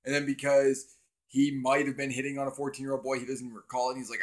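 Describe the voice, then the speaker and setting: A man's voice: mid-range voice, flat delivery, quick pace. A young man hosting a casual livestream on his cell phone, rambling and swearing as he talks to viewers in chat. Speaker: livestream host.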